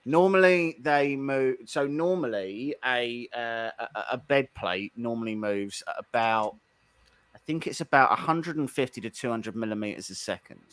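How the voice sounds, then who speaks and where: A man co-hosting a casual live-stream chat, an animated storyteller who restarts his sentences often. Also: medium pitch, moderate pace, clear, resonant tone.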